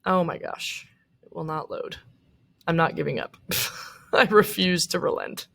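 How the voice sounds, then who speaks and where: A woman's voice: on the low side, a little slow, creaky, a bit bright. A young woman teacher giving a casual recorded lecture, chatty, with many fillers and asides.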